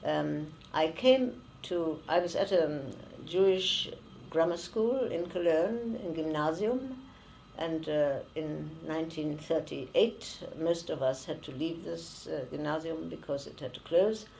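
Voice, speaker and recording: A woman in her nineties with a German accent, giving oral history testimony slowly and haltingly, with many pauses and fillers. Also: low voice, gravelly, a little mellow, slight background noise, low-quality recording. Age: 90s. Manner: slow and halting, with frequent fillers. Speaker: interviewee, former refugee.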